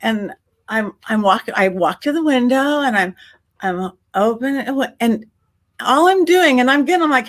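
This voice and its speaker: A woman guest on a podcast, telling a story in a lively, casual way and acting out her own quotes. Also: fairly high pitch, normal speed. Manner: animated, acts out her own quotes, many restarts. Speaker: podcast guest, psychic medium.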